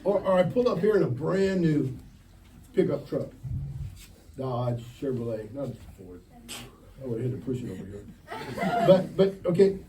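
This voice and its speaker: At a church camp meeting, a man with a mid-range, lively voice preaches to teenagers at a moderate pace, pausing often. He is direct and joking, firing questions at the crowd. A distant mic picks him up along with faint ambient noise.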